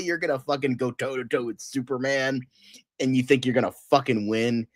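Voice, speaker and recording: A man's voice: mid-range voice, steady tone, a little fast, no echo, clean studio sound. A man co-hosting a live-stream chat show, ranting with heavy profanity. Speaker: co-host.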